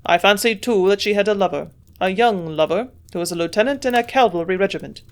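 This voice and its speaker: A woman voicing a gruff old male German scientist with a strong German accent, grunting out his lines louder than her narration. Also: medium pitch, quick pace, natural voice. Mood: shrewd.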